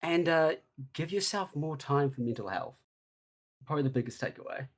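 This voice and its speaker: Husky New man on a call. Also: a little high, very animated, moderate pace. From New Zealand. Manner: laughs often, self-deprecating. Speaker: guest blaster builder. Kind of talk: casual video call chat.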